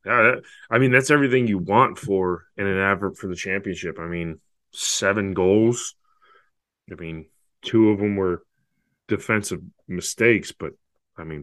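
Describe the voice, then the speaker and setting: A man with a lowish voice chats about football on a podcast, halting and restarting his sentences. The sound is dry and close, with no room to it. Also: animated, pushed and bright, dry recording. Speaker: podcast co-host. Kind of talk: casual football podcast chat.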